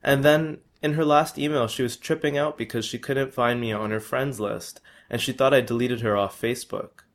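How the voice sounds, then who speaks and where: A man's voice: mid-range voice, fairly even intonation, moderate pace. A young man earnestly reading his personal travel story aloud. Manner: earnest, with small restarts.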